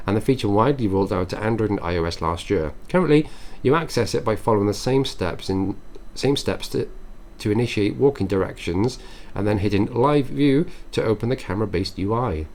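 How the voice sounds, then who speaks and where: A man's voice: lowish voice, lively intonation, fairly quick, hardly any pauses, darkish tone. Casual man reading tech headlines. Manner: reads headlines then adds offhand chatty asides and musings. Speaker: tech news host.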